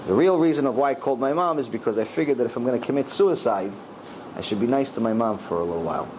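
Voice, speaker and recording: Animated rabbi telling a story. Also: male voice, medium pitch, fast, background noise. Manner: animated, acts out dialogue in raised voices. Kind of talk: storytelling Torah lecture.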